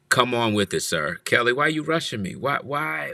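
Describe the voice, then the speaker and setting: A man's voice: mid-range voice, lively intonation, unhurried, creaky, sharp tone, no echo. A man hosting a church livestream, greeting viewers one by one and playfully teasing them from his office. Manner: playful, teasing, repeats phrases.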